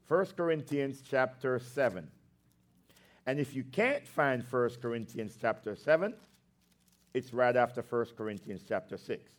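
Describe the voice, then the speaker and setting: Slow, emphatic preaching man. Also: medium pitch. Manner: conversational asides between scripture readings. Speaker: pastor. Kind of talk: sermon.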